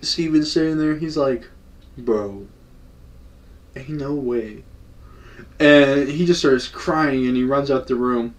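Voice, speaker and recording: A man's voice: fairly high pitch, moderate pace, few pauses, far from the mic. A young man telling a story in casual slang, acting out the quotes. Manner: slangy, animated, acts out quotes. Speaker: storytime vlogger.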